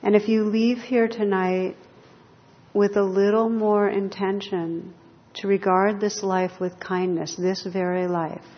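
A woman meditation teacher giving a gentle, reflective dharma talk to a group in a hall. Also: medium pitch, level tone, a little slow. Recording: lo-fi hall recording with long reverb.

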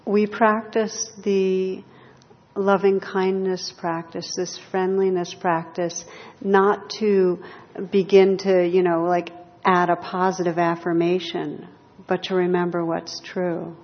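A woman meditation teacher giving a gentle, reflective dharma talk to a group in a hall. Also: lowish voice. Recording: lo-fi hall recording with long reverb.

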